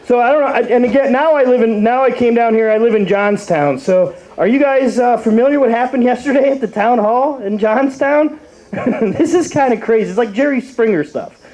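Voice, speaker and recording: A man's voice: extremely high pitch, normal speed, mellow, rough recording. A young man from Cleveland doing a rambling open mic stand-up set, full of fillers and restarts. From Cleveland, Ohio.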